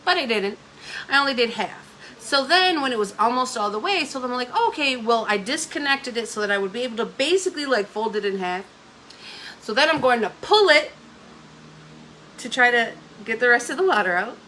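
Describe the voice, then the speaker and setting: A woman's voice: fairly high pitch, lively intonation, brisk, pushed and bright, a little hiss or hum. A middle-aged woman host casually telling a candid, emotional story, rambling with many fillers. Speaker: host of a live talk stream.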